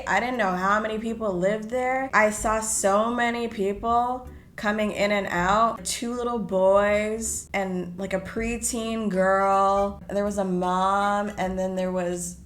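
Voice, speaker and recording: A woman's voice: medium pitch, a bit bright, roomy sound. A young woman chatting casually while doing her makeup at home, playful and sometimes slipping into sing-song bits. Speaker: beauty vlogger. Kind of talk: casual get-ready-with-me chat. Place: home room.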